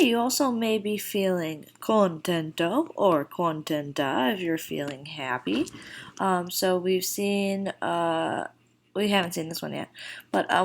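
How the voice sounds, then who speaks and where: A woman with a low, gravelly voice walks through a recorded vocabulary lesson. She explains in a casual, chatty way and then slows right down to model each phrase clearly. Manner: slow, deliberate model phrases with casual fillers. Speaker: Spanish teacher.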